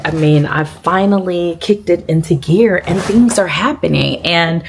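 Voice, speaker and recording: A woman's voice: deep voice, lively intonation, a little slow, gravelly, hardly any pauses, noisy background. A woman, chatting casually to viewers in a vlog, with lots of fillers. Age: 50s. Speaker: vlogger.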